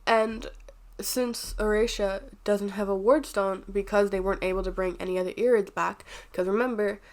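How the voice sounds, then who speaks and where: A congested, sniffly woman giving a chatty, rambling and candid casual book review. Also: mid-range voice.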